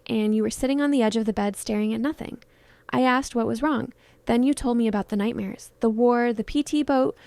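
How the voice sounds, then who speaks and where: A woman voicing a heartbroken film star in her thirties, speaking softly, tenderly and pleadingly in a dramatized story. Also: on the high side, vocal fry, no room sound. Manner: soft, pleading, intimate.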